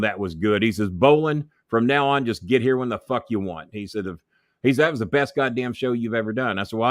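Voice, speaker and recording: With a voice on the low side, a former wrestling manager gives an interview filled with backstage stories. He swears freely and imitates the voices of those he quotes, and the studio sound is clean with no room sound.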